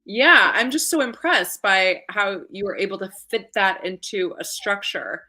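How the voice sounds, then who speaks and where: A woman's voice: medium pitch, measured pace, bright, forceful tone. A woman hosting a casual chat, enthusiastic, asking her guest questions with frequent restarts. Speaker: host.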